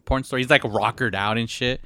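Man podcast co-host, casual film talk, bright, filler-heavy, dry sound. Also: mid-range voice, steady tone, fairly quick, no echo. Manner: rambling, lots of fillers like "like". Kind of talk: casual movie chat.

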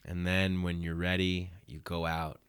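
A man's voice: deep voice, little pitch movement, measured pace, fairly bright tone, clean tone, no room sound. A man hosting a podcast, talking in an earnest, reflective way in casual conversation. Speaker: podcast host.

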